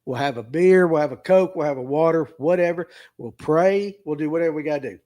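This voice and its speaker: Speaking fairly quickly in a mellow voice on the high side, a middle-aged tackle shop owner from the US South livestreams with heartfelt, casual talk. He repeats himself and comes close to tears, earnest and emotional, through a streaming mic.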